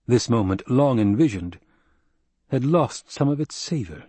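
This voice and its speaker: Husky man narrating a story. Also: mid-range voice, lively intonation, mellow, no echo. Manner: measured storytelling. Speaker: audiobook narrator. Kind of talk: scripted narration.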